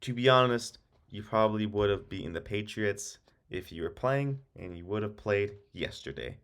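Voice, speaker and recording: A man's voice: on the low side, expressive, moderate pace, a bit bright. A young man giving casual, rambling football commentary, swearing often and working himself into heated rants. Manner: profane, rambling, heated rants with many ums. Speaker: sports video host.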